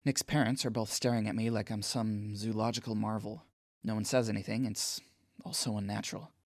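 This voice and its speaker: A man's voice: on the low side, fairly even intonation, a little fast, no room sound, clean studio sound, natural voice. An actor playing an anxious, awkward teenage boy who narrates his own story in an audio drama, speaking in an inward, self-deprecating way.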